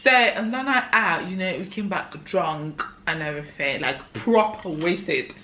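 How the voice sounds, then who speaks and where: A tipsy young woman co-hosting a casual drinking chat, telling stories in an animated way with laughs. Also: fairly low pitch, unhurried. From Africa. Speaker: co-host. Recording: echoey room, noisy.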